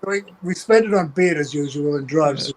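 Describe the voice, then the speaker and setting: A man's voice: fairly high pitch, normal speed, crowd noise, rough recording. An older man with a Geordie accent, a guest telling rambling, profane road stories. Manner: salty, swears freely, rambling. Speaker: guest, veteran tour manager. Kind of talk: casual anecdotal storytelling.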